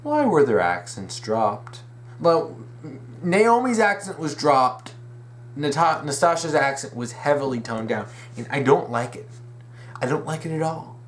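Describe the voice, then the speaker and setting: The young fan commentary host speaks a little high in a sing-song, unhurried way, over a slight hiss or hum. Rambling and opinionated, he eagerly restarts and corrects his sentences as he goes.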